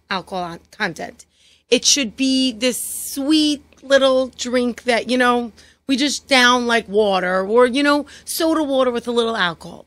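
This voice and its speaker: A woman's voice: fairly high pitch, a bit bright, no room sound. A woman with a thick New York accent, a guest explaining her product in a casual chat. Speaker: guest, liqueur maker.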